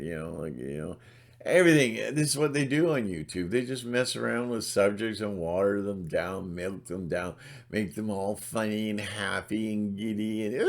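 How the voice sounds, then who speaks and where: A middle-aged man ranting in a blunt, sarcastic monologue, rambling with restarts and putting on mocking voices. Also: fairly low pitch. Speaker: channel host.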